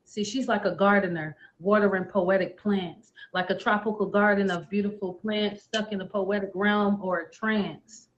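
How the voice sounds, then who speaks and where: A woman recites spoken word poetry with a steady, rhythmic rhyming flow. Her voice sits at an ordinary pitch. The livestream audio comes through dull and lo-fi. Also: normal speed, few pauses. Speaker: poet performing on a livestream.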